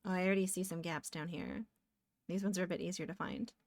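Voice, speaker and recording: A woman's voice: lowish voice, fast talker, no echo. Chatty woman streamer, dry close mic. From Canada. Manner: chatty, distracted, bursts of excited exclamations. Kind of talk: casual live-stream chat while drawing.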